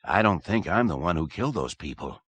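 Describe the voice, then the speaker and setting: A man's voice: low-pitched, lively intonation, fairly quick, a bit bright, slightly rough, no room sound, heavily acted. A man voicing a troubled man under hypnosis who speaks uneasily and cries out in alarm. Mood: uneasy. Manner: uneasy, pleading.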